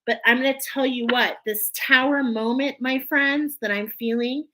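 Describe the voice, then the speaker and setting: A woman's voice: high-pitched, fairly even intonation, moderate pace, bright, forceful tone, rough recording. A woman giving an emotional, earnest spiritual oracle card reading, teary at times.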